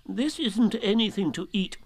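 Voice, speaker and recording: Male reader putting on a fussy know-all owl, high piping voice, dry close sound. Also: animated, normal speed, creaky, no room sound, exaggerated voice. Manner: fussy, lecturing, sulky. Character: fussy, self-important old male owl. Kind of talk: storybook reading.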